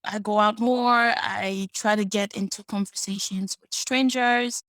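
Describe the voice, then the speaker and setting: A woman in her late twenties telling personal stories as a podcast guest, soft-spoken, reflective and earnest. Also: mid-range voice, steady tone, a little slow, no echo. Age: 20s. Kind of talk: personal storytelling.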